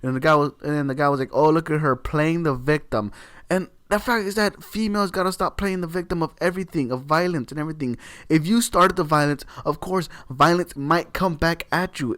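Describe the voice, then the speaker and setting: A man's voice: fairly high pitch, fairly bright tone, no echo. Heated ranting man, dry close sound. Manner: heated, repetitive, swears often, leans on "literally". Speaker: video creator. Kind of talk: opinion rant to camera.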